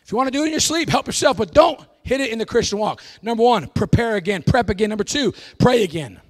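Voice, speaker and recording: A pastor preaching a folksy, emphatic sermon, often bursting into shouts. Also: male voice, sits high, animated, fast.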